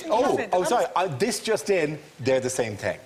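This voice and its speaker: A man's voice: on the high side, sing-song, normal speed. A man hosting a comedy panel show with dry, wry banter, in a noisy broadcast recording. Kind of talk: quick comic banter. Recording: noisy studio broadcast with audience.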